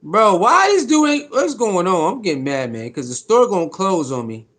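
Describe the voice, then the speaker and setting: A man's voice: high voice, sing-song, normal speed, fairly bright tone. A man casually chatting on a live stream, greeting viewers by name in slangy, repetitive talk.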